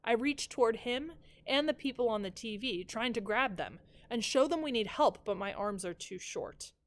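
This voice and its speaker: A woman teacher reading the first chapter of a novel aloud in measured, even storytelling. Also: a little high.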